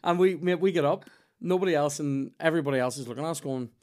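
A man's voice: fairly high pitch, quick pace, darkish tone. A man with a Northern Irish accent, hosting a podcast and telling stories in casual, swearing chat. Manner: swearing, storytelling, laughs often. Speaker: podcast host.

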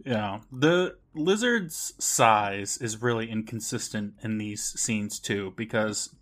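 With a lowish, fairly bright voice and a slow pace, a male podcast co-host casually recaps an episode. He laughs a lot, swears, and often imitates the characters.

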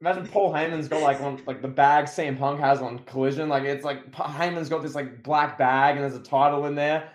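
A man talks wrestling on a casual podcast, his voice sitting a little high. He is animated and keeps jumping into loud mock voices. The sound has a roomy echo. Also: fairly quick, few pauses. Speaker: podcast co-host. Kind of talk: casual wrestling review chat.

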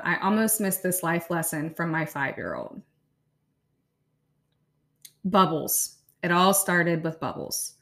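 Reading from her own blog, a woman in her thirties who hosts a podcast talks casually in a voice on the low side, with soft laughs along the way.

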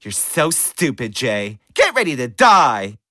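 Man doing a taunting cartoon villain, slow, wildly swooping voice, music. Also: mid-range voice, wildly swooping pitch, very noisy. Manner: taunting, sneering. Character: sneering male villain Fabian.

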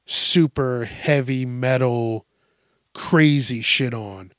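A man's voice: mid-range voice, drawn-out words, no room sound, studio quality. A young man giving casual commentary on reader stories, swearing freely and laughing as he vents in mock outrage. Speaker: story commentator.

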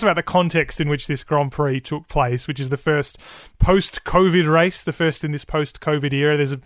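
A man's voice: a little high, a bit bright, dry recording, studio quality. An Australian man hosting a podcast, moving from a scripted intro into upbeat, easy chat with a guest. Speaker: podcast host.

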